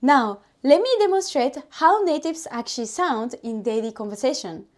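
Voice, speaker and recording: A woman's voice: sits high, expressive, normal speed. A woman language teacher explaining patiently and methodically, breaking down spoken examples step by step.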